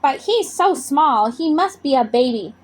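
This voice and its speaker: A woman voicing a friendly male forest monster who talks calmly and cheerfully in a storybook read-aloud. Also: sits high, measured pace. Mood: friendly, amused. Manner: calm, cooing and amused.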